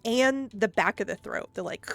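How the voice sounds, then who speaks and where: A woman streamer speaks with a Midwestern American accent carrying a trace of the South. Her voice sits at a middle pitch, relaxed and chatty, breaking into giggles as she thinks aloud between viewer comments. Soft music plays faintly underneath. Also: normal speed. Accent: Midwestern American with a touch of Southern. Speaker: live streamer. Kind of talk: casual live-stream chat, reading viewer comments.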